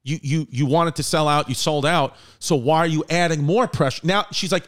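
A man's voice: on the high side, brisk. A man in his thirties hosting a podcast, chatting loosely with lots of swearing and laughter. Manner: loose, profane, laughing storyteller. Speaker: podcast host. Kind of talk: casual podcast chat.

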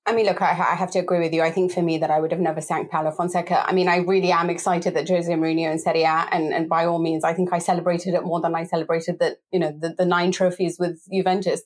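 A woman hosting a football podcast discussion, talking fast and sounding exasperated, with frequent laughs. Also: on the low side, level tone.

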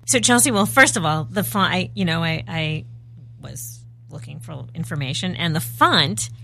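Female co-host, lowish voice, wry chatty delivery. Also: animated, gravelly, pushed and bright. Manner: wry, chatty, quick asides. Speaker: podcast co-host. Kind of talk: casual chat.

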